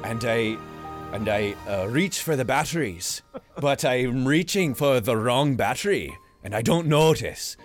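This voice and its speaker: A man playing a tabletop game, acting out his character in an animated, goofy way. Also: medium pitch, measured pace. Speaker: player. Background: music playing.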